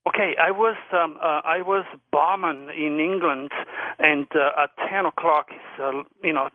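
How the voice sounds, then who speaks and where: Earnest guy calling in, a bit high voice, thin phone-line sound, dry. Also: unhurried, no echo. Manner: earnest, repeats words while telling stories. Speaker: guest. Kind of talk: telling personal stories on a radio show.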